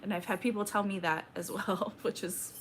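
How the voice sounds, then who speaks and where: A young woman hosting a casual livestream, reading chat aloud and chatting back in a slow, laid-back drawl. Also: mid-range voice, fairly even intonation, slight background noise.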